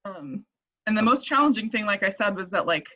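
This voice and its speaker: Brief: woman podcast guest, bright and forward tone, hesitant thoughtful talk, muffled lo-fi sound. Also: medium pitch, lively intonation, brisk. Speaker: guest, English teacher. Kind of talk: casual podcast chat. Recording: dull lo-fi audio.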